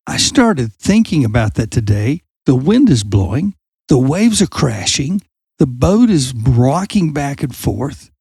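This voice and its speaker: A man hosting a youth ministry podcast, telling a Bible story with lively energy and acting out quoted lines in a raised voice while putting questions straight to his listeners. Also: fairly high pitch, slightly rough, dry recording. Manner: animated storyteller who acts out quoted lines loudly; asks listeners direct questions. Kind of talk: conversational faith talk.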